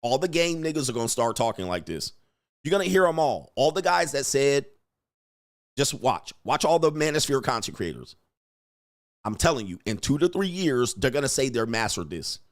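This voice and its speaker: A man ranting casually on a livestream, animated and emphatic, laughing and repeating himself for emphasis. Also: medium pitch, moderate pace. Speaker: dating commentary streamer.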